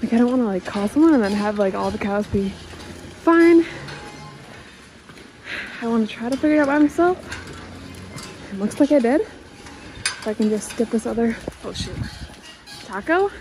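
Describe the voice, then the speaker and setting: A woman's voice: on the high side, lively intonation, moderate pace, pauses often, darkish tone, faint music behind. A young woman on a farm, out of breath and flustered, coaxing loose cows and talking to herself while she films. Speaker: farm vlogger. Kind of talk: casual vlog narration while herding cows. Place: outdoors on a farm, among cows. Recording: noisy outdoor farm recording.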